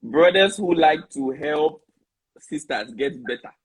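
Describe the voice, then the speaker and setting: A man with a Nigerian accent hosting a casual live online discussion, playful and quick to laugh. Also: on the high side, expressive, breathy edge, rough recording. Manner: playful, laughs often, jokes in pidgin. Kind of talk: casual live-stream talk.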